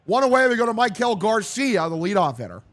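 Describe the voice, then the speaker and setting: Fired-up male fan streamer with a sore throat, high pitch, dry close sound, swears freely. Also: big pitch swings, a little fast, a bit bright, no room sound. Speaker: streamer doing a watch-along. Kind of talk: excited casual play-by-play with heavy swearing.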